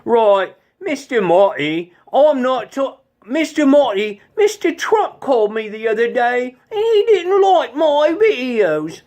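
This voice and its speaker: A man voicing a cheeky golden retriever puppet with a Cockney accent, in a high voice. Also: big pitch swings, slow, hardly any pauses, darkish tone, heavily acted.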